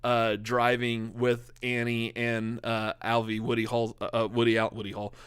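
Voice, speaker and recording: A man's voice: medium pitch, completely flat delivery, normal speed, a bit bright, clean tone, no echo, clean studio sound. Giggly rambling podcast guy. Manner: rambling, laughs often, lots of fillers. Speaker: podcast co-host. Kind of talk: casual movie chat.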